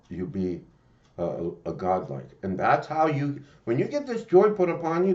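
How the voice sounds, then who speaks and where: A man's voice: a little high, darkish tone, lo-fi sound. A man hosting a Christian channel, giving an earnest, emphatic spiritual talk in an informal way.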